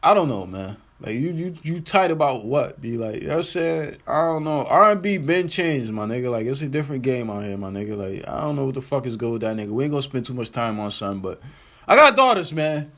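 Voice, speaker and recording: A man hosting his own web talk show, ranting in an animated, incredulous, slangy and profane way. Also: mid-range voice, fast, few pauses. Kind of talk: casual solo commentary rant.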